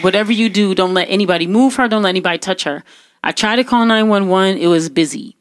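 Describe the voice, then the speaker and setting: A young woman telling a personal story in casual talk, animated and full of fillers and restarts. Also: medium pitch, quick pace, no room sound, clean studio sound. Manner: animated, acts out quotes, many fillers and restarts.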